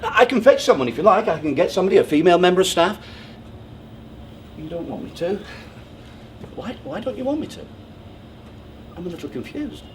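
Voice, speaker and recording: A man's voice: a little high, a little hiss or hum. An actor playing a pompous, controlling man in a theatrical monologue, smug, condescending and over-precise in how he talks. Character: pompous, controlling, self-assured man proposing. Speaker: stage actor. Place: theatre stage.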